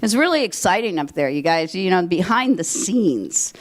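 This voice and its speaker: Chatty older woman, lowish voice. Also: lively intonation, moderate pace. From Minnesota. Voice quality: chatty, rambling, with fillers and restarts. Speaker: theater director. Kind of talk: live curtain speech to an audience. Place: stage in a country club hall.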